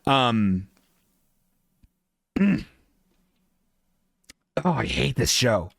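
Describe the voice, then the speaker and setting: A man's voice: mid-range voice, big pitch swings, very slow, creaky, no room sound, clean studio sound. A man hosting a podcast, giving casual, sarcastic, profanity-laced live commentary on a TV show. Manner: sarcastic, profane, exasperated riffing. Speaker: podcast host.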